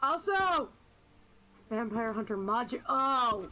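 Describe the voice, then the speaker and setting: High, playful female streamer. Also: very animated, takes it slowly, pushed and bright, a little hiss or hum, poor audio. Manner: joking, flustered, playful. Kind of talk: casual game-stream commentary.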